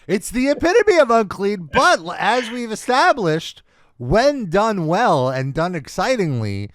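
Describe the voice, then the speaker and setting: A man co-hosting a wrestling review podcast in casual chat, excitable and acting out the crowd's reactions. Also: sits high, a little slow, no room sound, studio quality. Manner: excitable, acts out quoted reactions. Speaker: podcast co-host.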